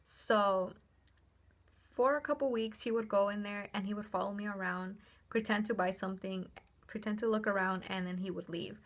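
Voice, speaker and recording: A young woman telling a personal story on her vlog in a chatty, animated way, with lots of "like" and casual swearing. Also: mid-range voice, moderate pace.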